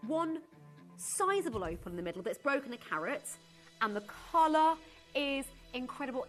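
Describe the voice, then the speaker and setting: A woman presenting live on a shopping channel from a TV studio, bubbly and giggly, with chatty asides between product pitches. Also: normal speed, a bit bright, faint music behind.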